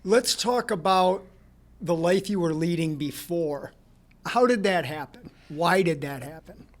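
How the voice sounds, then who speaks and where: A man hosting a podcast, asking interview questions in a measured, deliberate way. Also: on the high side, expressive. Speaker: podcast host.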